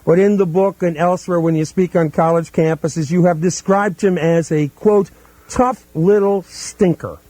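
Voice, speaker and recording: A man's voice: high voice, steady tone, moderate pace, dark tone, dry recording. Chuckling male radio talk host. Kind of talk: radio interview.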